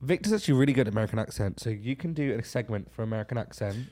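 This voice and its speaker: Playful podcast host. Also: male voice, medium pitch, animated, very fast, mellow. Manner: playful, teasing, steers the talk. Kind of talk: casual chat.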